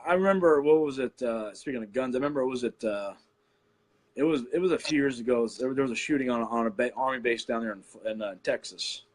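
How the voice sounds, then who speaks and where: A man's voice: medium pitch, brisk. A man co-hosting a podcast, talking politics in a blunt, profane way. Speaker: podcast co-host. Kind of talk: casual political chat.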